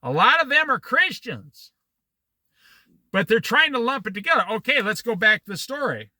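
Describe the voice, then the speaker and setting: A man in his sixties leading a Bible study, reading scripture and wandering into opinionated, animated asides and stories. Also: extremely high pitch, moderate pace, no echo. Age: 60s. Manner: opinionated, digressive, animated storytelling. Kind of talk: Bible study teaching with commentary.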